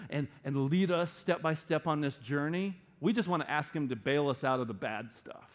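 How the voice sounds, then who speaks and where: A middle-aged man delivers a sermon with lively, animated energy. His voice sits fairly high for a man. He drops into playful quoted voices now and then. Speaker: pastor.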